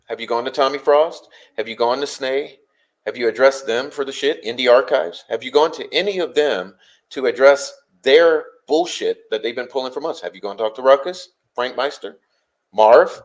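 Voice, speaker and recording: A livestream host with a mid-range male voice answers his chat in an exasperated, confrontational rant. He swears constantly and fires off one rhetorical question after another.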